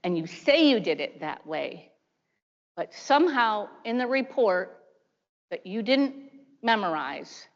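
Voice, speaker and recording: A woman in her fifties, a prosecutor, giving a chatty seminar talk full of lively asides. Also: lowish voice. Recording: dull lo-fi sound in a large hall.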